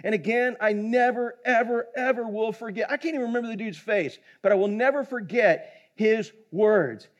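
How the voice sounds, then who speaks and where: Pastor, male, higher voice, folksy and joking delivery, dull lo-fi sound. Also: moderate pace, hardly any pauses. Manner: folksy, humorous storytelling. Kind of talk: sermon. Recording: dull lo-fi recording.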